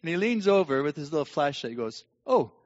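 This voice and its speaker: A middle-aged man preaching a sermon and telling a personal story, dramatic and swinging from hushed tones to shouting. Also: fairly high pitch, lively intonation, quick pace. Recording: long hall reverb, dull lo-fi sound.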